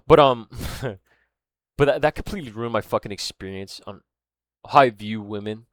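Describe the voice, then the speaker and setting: A man's voice: on the low side, brisk, fairly bright tone, dry recording. A man telling a story in a casual, rambling monologue, swearing often and losing his thread, with fillers like "right?" and "man". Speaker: vlogger.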